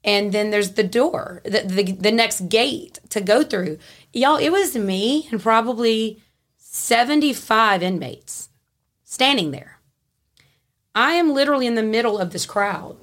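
Lively woman telling a story. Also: on the high side, unhurried. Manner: animated, frank, laughs easily. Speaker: podcast guest. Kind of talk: casual storytelling.

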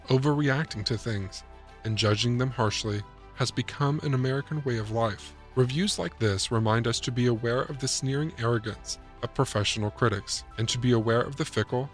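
Calm man narrating a reflective essay. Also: medium pitch. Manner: calm, measured, persuasive. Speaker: commentator.

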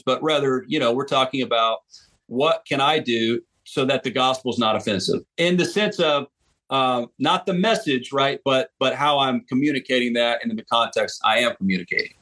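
A man's voice: medium pitch, pushed and bright. An American man, an author and street preacher, talking earnestly in a podcast interview and often restarting his sentences. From United States. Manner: earnest, emphatic, with frequent restarts.

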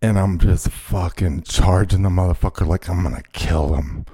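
A man telling a heated, profane story on a podcast, often shouting out what he said to people. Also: low voice, normal speed, vocal fry, slightly rough. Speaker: podcast host. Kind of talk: casual chat, storytelling.

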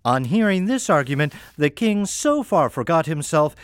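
A man's voice: a little high, sing-song, moderate pace, clear, resonant tone. A man narrating a fairy tale in a wry, playful storytelling manner over faint music.

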